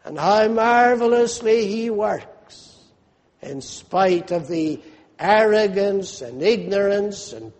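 A man's voice: high voice, a little mellow. A man preaching a sermon with fervent, swelling emphasis. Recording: long hall reverb.

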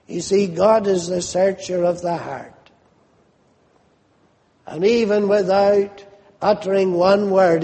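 A man preaching a sermon slowly and emphatically, his voice rising sharply when he quotes questions. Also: sits high, mellow, in a large hall.

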